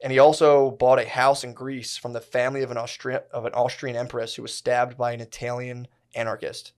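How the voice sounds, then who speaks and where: A man's voice: medium pitch, little pitch movement, brisk. A young man co-hosting a podcast, telling a story in casual, profane slang and putting on mocking voices for the people in it. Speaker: podcast co-host. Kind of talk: casual chat.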